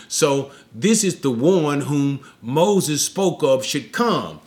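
A man's voice: on the high side, expressive, slow pace, few pauses, a little mellow. A man giving an expository Bible lesson, explaining a passage step by step and often checking in with the listeners. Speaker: Bible teacher.

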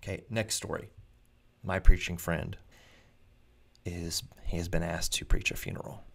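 A man, a preacher hosting his own vlog, telling anecdotes in a chatty, animated way with frequent restarts. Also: sits low, measured pace, gravelly, slightly rough. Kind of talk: casual anecdotal storytelling.

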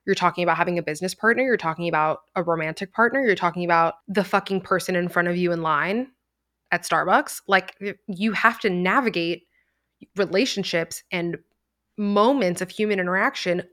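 A woman's voice: on the low side, a little fast, a bit bright. A woman co-hosting a podcast in casual chat, talking bluntly and swearing freely. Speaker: podcast co-host.

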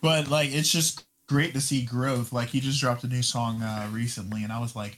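A man co-hosting a casual music podcast talks in a loose, slangy way. He fills his sentences with "like" and "you know" and curses freely. His voice sits at an ordinary middle pitch. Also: fairly even intonation, normal speed, hardly any pauses, a bit bright, slight background noise. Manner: loose, slangy, full of fillers and cursing. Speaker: podcast co-host. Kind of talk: casual chat.

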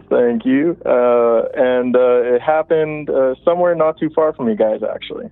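A man's voice: medium pitch, a little slow, creaky, no room sound. A man calling in to a show to tell a spooky story in a casual, rambling way, full of fillers and restarts. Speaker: caller. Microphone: phone. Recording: tinny phone line.

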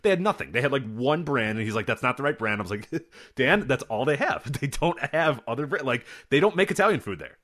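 A man co-hosting a podcast in casual chat, telling stories with animated delivery and acting out the people in them. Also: mid-range voice, fairly quick. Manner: animated storyteller, acts out voices in anecdotes. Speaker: podcast co-host.

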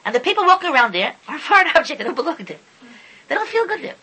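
A man's voice: very high-pitched, sing-song, racing, pushed and bright, rough recording. A man giving an impassioned sermon, often stumbling over and repeating his words as he talks. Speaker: Torah speaker. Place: lives in Israel.

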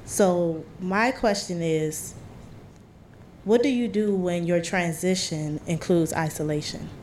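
A woman's voice: on the low side, slow pace, a little mellow, slight background noise. A woman in the audience introducing herself and asking a reflective question in a friendly way.

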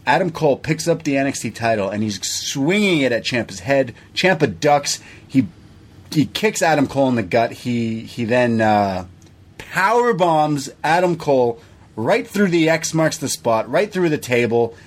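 A man co-hosting a podcast, retelling events in a casual, animated way and acting out what people said. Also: mid-range voice, moderate pace. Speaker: podcast co-host. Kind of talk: casual recap chat.

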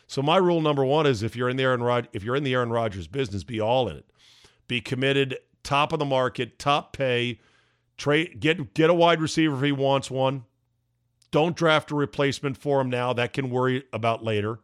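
A man hosting a podcast, delivering an emphatic, ranting opinion monologue with sarcastic asides, his voice going hoarse. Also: medium pitch, a little fast, dry recording, studio quality. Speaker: podcast host.

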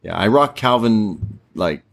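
A young man co-hosting a casual podcast, recapping a show and putting on squeaky voices when he quotes people. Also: a little slow, vocal fry. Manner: animated, puts on squeaky voices when quoting wrestlers. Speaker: podcast co-host.

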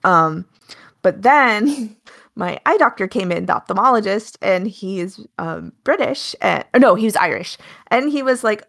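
Gravelly-voiced chatty American woman. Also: medium pitch, lively intonation, measured pace. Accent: Pacific Northwest American. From Alaska, United States. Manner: talkative, storytelling, says she is loud. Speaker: podcast co-host. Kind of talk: casual chat.

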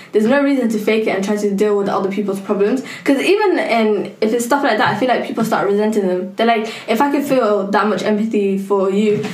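A young woman co-hosting a podcast in casual chat, talking with many fillers. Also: mid-range voice. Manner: chatty, fast, many "like" fillers. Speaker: podcast co-host. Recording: echoey room.

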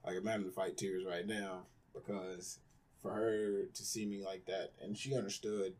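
A man's voice: deep voice, flat delivery, moderate pace, a little mellow. A man candidly telling his personal story in a conversation, rambling with lots of fillers. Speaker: guest.

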